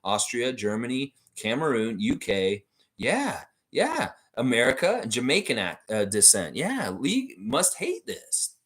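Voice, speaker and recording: A man hosting a fan live stream, reading viewers' comments aloud and riffing on them in a playful, animated way, often repeating short phrases for emphasis. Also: mid-range voice, a little slow. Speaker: fan show host reading live chat. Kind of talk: casual live-stream chat.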